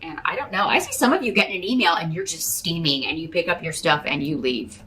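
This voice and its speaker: A tarot reader with a lowish, bright, forceful voice talks fast with lively intonation, giving a casual reading aimed straight at the listener, whom she addresses as a star sign. Her delivery rambles and hesitates, full of fillers and restarts, and the poor audio carries a little hiss or hum.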